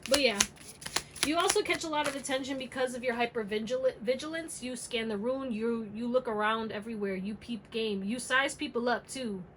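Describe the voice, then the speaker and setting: A woman's voice: on the high side, fairly bright tone, a little hiss or hum, low-quality recording. A woman doing a casual tarot reading, talking bluntly and emphatically and swearing freely. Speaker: tarot reader.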